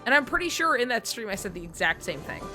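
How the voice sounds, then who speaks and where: A woman streamer chatting casually and excitably, swearing and laughing often. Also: a little high, fast, music in the background. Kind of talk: casual chat.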